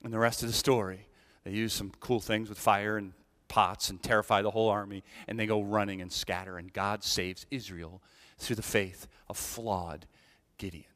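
A man's voice: lowish voice, steady tone, normal speed, fairly bright tone, in a large hall. A man preaching a sermon as associate pastor, telling a story animatedly and checking in with "right?".

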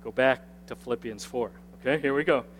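A man with a mid-range voice preaches fairly quickly as pastor, keeping it conversational, repeating phrases, and prompting the congregation to reply. The recording, made in a church sanctuary with a screen, has long hall reverb and a little hiss or hum.

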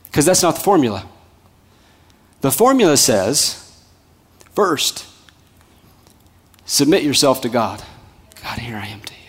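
A male pastor delivering a sermon in a rhythmic, repetitive style, swinging from loud emphasis to soft, hushed lines. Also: mid-range voice. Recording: long hall reverb.

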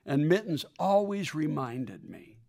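A man's voice: a little high, a little slow, vocal fry. A man telling a personal story in a sermon-like way, acting out the voices of the people in it. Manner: animated, acts out quoted voices.

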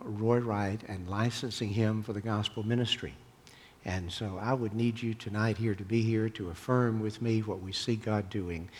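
Emphatic pastor preaching in a reverberant church. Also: male voice, lowish voice. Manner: building to loud emphatic peaks, slowing on key phrases. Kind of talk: sermon. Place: church sanctuary. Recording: long hall reverb.

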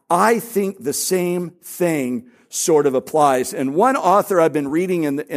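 A man's voice: a little high, a little mellow. A middle-aged man preaching as a pastor, telling stories conversationally with self-deprecating humor. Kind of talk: conversational sermon.

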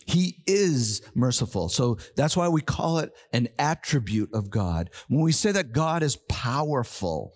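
An older man preaching a sermon as pastor, emphatic, slowing down and repeating key words to drive them home. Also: medium pitch, sing-song.

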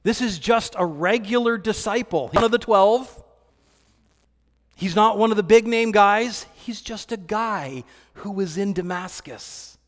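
A man pastor preaching a relaxed, conversational sermon, telling stories with fillers and restarts. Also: high voice, measured pace. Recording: long reverb of a hall.

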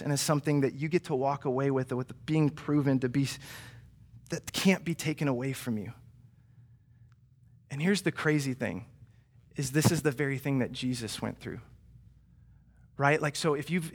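A male pastor with a somewhat high voice delivers a sermon. He talks casually and conversationally, leaning on fillers and pressing hard on key points. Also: slightly rough. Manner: conversational, emphatic with many fillers.

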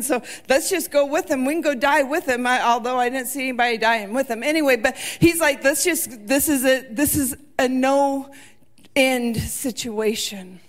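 A woman preaching a sermon with impassioned delivery, rising to shouts and near tears as she retells scripture. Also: high-pitched.

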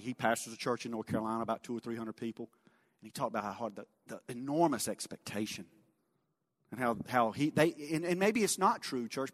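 A man telling a folksy mission story in a sermon, animated, then dropping quiet for emphasis. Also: medium pitch. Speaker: lay speaker sharing a mission story. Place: church sanctuary. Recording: long church reverb.

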